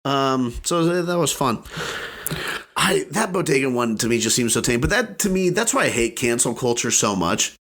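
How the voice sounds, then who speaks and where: A young man chatting casually as a podcast guest, joking and animated. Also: moderate pace. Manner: animated, joking, swings high for emphasis. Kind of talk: casual comedic chat.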